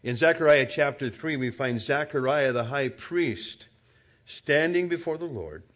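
A male pastor at mid pitch delivering a sermon. He talks casually, with fillers and restarts, and acts out small scenes in quoted voices. His delivery climbs to loud, impassioned preaching and then sinks to quiet, earnest tones. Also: lively intonation, unhurried.

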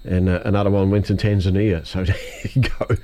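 A man's voice: low-pitched, level tone, brisk, dark tone. Chatty Australian man on community radio. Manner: rambling, chatty, with many fillers and laughs. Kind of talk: casual radio chat. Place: radio studio.

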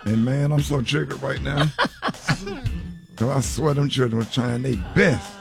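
Gravelly-voiced man hosting morning radio. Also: medium pitch, steady tone, unhurried, over music. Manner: joking, teasing. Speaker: radio host. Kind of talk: casual morning radio banter.

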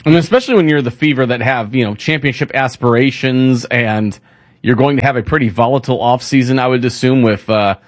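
A man co-hosting a morning sports talk show in casual chat, easygoing, with halting speech and many restarts. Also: mid-range voice, dry recording.

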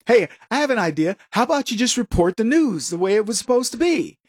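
A man with a fairly high voice delivers a talk show monologue in a combative, sarcastic way. He mocks the voices of the people he quotes. The sound is dry and close, with no room echo. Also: sing-song, brisk, hardly any pauses, darkish tone. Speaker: political commentary host.

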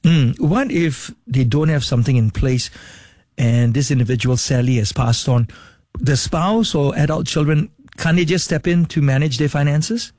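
Radio host guy, warm mellow voice, chatty long questions, dry studio. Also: a little high, normal speed, no echo. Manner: conversational, asks long questions. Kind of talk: radio interview.

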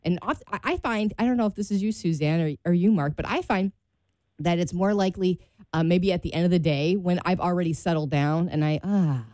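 A woman with a lowish, mellow voice co-hosting a faith radio talk show. She talks in a reflective, chatty way, laughs easily and acts out little inner voices. The studio sound is close and dry. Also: brisk, no echo. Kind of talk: faith-based radio chat.

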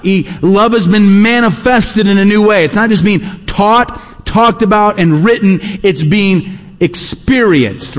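A man's voice: high-pitched, big-room sound. A man preaching a sermon, emphatic and repeating his key phrases. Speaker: pastor.

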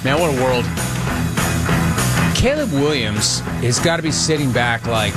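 A man's voice: medium pitch, animated, a little slow, pauses often, loud music behind the voice. A man hosting sports talk radio, delivering an emphatic monologue and repeating lines for punch, into a studio microphone.

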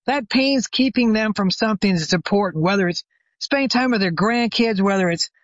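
A man, a retired chiropractor, telling a lively anecdote as the guest expert of an interview. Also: high-pitched, fairly quick, dry recording. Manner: animated anecdote teller, acts out quoted phone calls. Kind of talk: storytelling interview. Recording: dry, slightly dull sound.

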